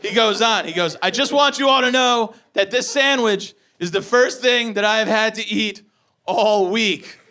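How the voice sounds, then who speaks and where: A man in his forties performing a stand-up comedy set, telling profane, animated stories with acted-out asides. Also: sits high, a little slow. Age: 40s. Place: comedy venue with a live audience. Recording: live show with loud audience laughter.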